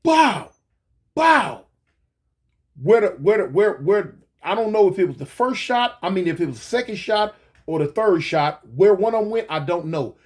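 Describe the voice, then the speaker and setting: A man casually recounting a past event, animated, stumbling over restarts and mouthing gunshot sounds. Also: high-pitched, fairly quick. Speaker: guest recounting a shooting. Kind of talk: casual storytelling.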